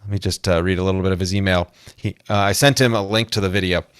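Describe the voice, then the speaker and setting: Laughing low-voiced man in a dry interview. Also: fairly even intonation, quick pace, fairly bright tone, smooth, no room sound. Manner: chatty and self-amused, laughs often. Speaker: guest musician. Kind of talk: casual interview chat.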